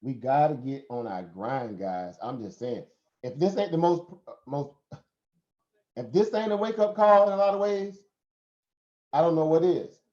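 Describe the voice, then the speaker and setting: A man's voice: fairly high pitch, animated, a little slow, dark tone. A man with a Southern American accent hosting a casual live stream, talking in a preachy way with rhetorical questions and frequent laughs. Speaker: host. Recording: roomy, dull lo-fi stream audio.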